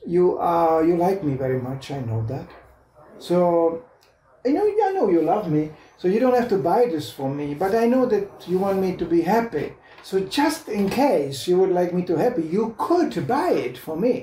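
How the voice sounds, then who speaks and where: A man's voice: high-pitched, sing-song, normal speed, warm tone, slight background noise, pitched above the performer's own voice. A man putting on a wheedling little girl. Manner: wheedling, singsong. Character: coaxing little girl, sweetly manipulative. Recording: roomy hall echo.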